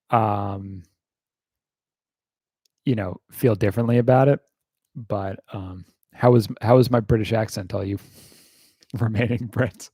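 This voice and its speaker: Slow, low-voiced American man rambling. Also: steady tone, a little mellow, no room sound. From United States. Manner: rambling and wry, heavy on fillers, swears casually. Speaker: YouTuber hosting a livestream Q&A. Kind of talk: casual livestream Q&A chat.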